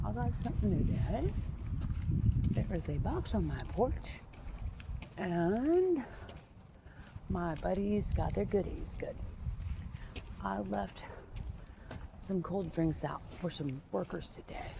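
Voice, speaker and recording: A woman with a low, gravelly voice chats as she walks home outdoors, frank and rambling, with lots of pauses and fillers. The sound comes from a phone held outside, with steady background noise running under her voice. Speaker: vlogger. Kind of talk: casual rambling chat while walking.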